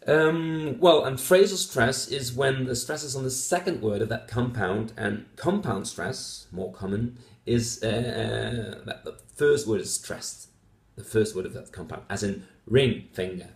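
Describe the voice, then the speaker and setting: Speaking a little slowly in a mid-range voice with vocal fry, a Dutch-native phonetics teacher explains test answers. He is methodical, full of fillers and repeated example words, and the room echoes.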